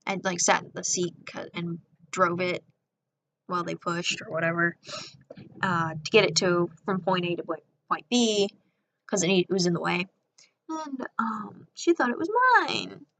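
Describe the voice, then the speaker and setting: A woman's voice: mid-range voice, creaky, fairly bright tone. A young woman casually telling a rambling storytime, sarcastic, often acting out quotes in a raised voice. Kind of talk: casual storytime over a speedpaint.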